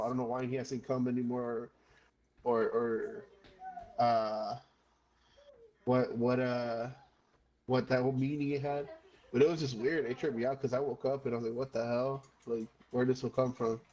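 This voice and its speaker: A man's voice: mid-range voice, darkish tone, rough recording. Rambling, cursing gamer man telling a story. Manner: rambling, swears often, slips into Spanish phrases. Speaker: gamer chatting with friends. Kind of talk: casual storytelling chat.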